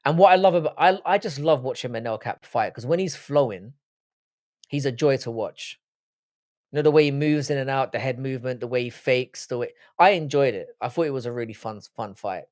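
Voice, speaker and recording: A man's voice: mid-range voice, fairly quick, darkish tone, no room sound, clean studio sound. A young man hosting a live-stream panel, talking in casual, blunt and profane banter. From United Kingdom. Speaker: livestream panel host.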